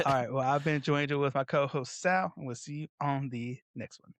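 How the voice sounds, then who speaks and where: A man's voice: mid-range voice, unhurried, fairly bright tone, dry recording. A man hosting a casual podcast, talking in a laid-back, rambling way with lots of fillers. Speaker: podcast host.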